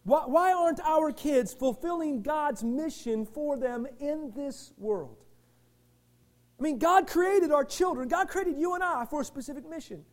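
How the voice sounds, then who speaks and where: A male pastor preaching a sermon with passion, firing rhetorical questions at the congregation and swinging from shouts to quiet asides. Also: extremely high pitch, very animated, normal speed.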